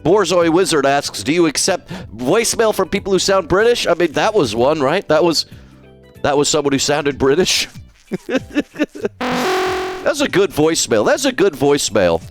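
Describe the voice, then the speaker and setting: A man's voice: on the high side, expressive, moderate pace, soft background music. A man streaming live, chatting casually and jokily with his chat. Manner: playful, jokey, talks to chat.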